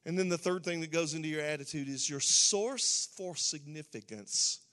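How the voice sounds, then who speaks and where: A man delivers a sermon in a church, his voice pitched high for a man. His tone is bright and forceful, and he drives his points home with emphatic, rising exhortation. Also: normal speed. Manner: emphatic, building to fervent exhortation. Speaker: preacher.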